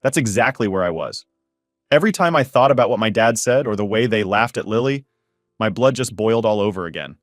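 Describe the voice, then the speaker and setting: A man's voice: on the low side, lively intonation, brisk, no room sound. A man narrating a first-person story in a blunt, angry way, swearing freely. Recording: dry voice with faint music behind.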